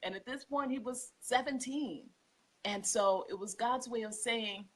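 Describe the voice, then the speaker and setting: A woman's voice: fairly high pitch, measured pace. A woman, a homeschooling mother telling heartfelt stories as a podcast guest. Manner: heartfelt, tearful, expressive storytelling. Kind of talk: emotional podcast interview.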